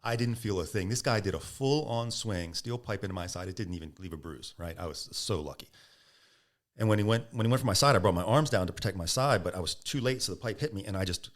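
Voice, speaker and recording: A man's voice: sits low, quick pace. A man, a podcast guest, casually telling a story and acting out what people said. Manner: animated, acts out quoted speech.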